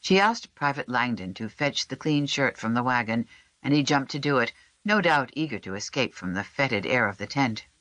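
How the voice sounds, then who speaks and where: Measured audiobook narrator, dry close mic. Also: medium pitch, no room sound. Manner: even, measured storytelling. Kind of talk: scripted narration.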